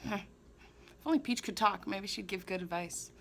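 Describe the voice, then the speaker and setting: A woman's voice: mid-range voice, moderate pace, creaky, a bit bright. A young woman vlogging casually to the camera, thinking aloud in a rambling, self-mocking way. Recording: faint background noise.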